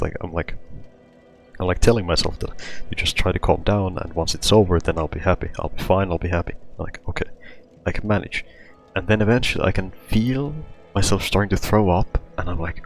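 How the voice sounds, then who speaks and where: A man's voice: sits low, brisk, soft background music. A man hosting his own show, telling a personal story in a rambling, casual way, full of "like" and restarts. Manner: rambling, heavy use of "like", frequent restarts. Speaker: podcast host.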